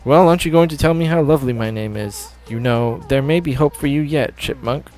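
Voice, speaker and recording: A man's voice: medium pitch, fairly quick, a little mellow, faint music behind, natural voice. A man voicing a haughty animal villager in a game, speaking in a condescending way. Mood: snooty.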